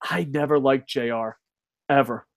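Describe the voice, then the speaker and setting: A man's voice: mid-range voice, unhurried. A man hosting a casual live stream, reading chat, swearing and ranting, laughing often. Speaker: host.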